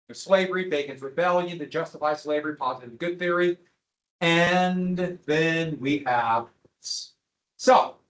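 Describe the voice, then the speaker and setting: A man's voice: sits high, rough recording. A male history teacher giving a classroom lecture, joking with his students and teasing them with questions.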